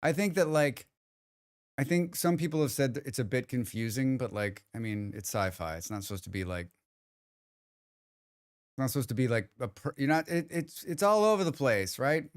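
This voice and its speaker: Smooth-voiced man chatting on a game stream. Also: mid-range voice, animated, brisk. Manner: rambling, restarts sentences, chats with viewers. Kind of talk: casual livestream chat.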